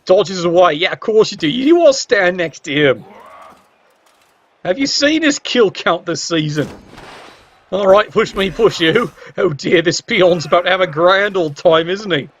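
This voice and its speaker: A man's voice: high-pitched, animated, unhurried. A man giving cheeky match commentary on a video game, full of wry asides and casual swearing. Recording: dull lo-fi sound.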